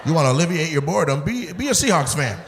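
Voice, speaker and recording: A male comedian working the crowd from a comedy club stage, talking loud and profane and laughing along with his own jokes. His voice sits high and swings widely in pitch. The room sounds big and echoey, with a heavy wash of audience noise underneath. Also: big pitch swings, fast. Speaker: stand-up comedian doing crowd work. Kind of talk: crowd work stand-up.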